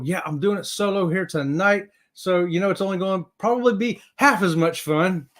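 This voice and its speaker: A man's voice: sits high, a bit bright. A man hosting a casual livestream, upbeat and greeting viewers in the chat. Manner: upbeat, hypes up viewers, says y'all. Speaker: livestream host.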